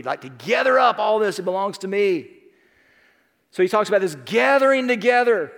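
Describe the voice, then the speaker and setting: Emphatic high-voiced man preaching in a hall. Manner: emphatic, folksy storytelling with rhetorical questions. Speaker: pastor. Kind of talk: sermon. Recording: long reverb of a large hall.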